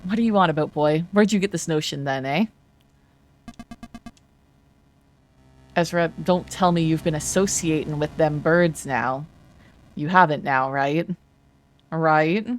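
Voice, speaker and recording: A woman voicing a gruff, skeptical older village man who speaks in a blunt, folksy way. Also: low voice, moderate pace, a little hiss or hum, lightly acted. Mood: suspicious. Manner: folksy, blunt dialect speech.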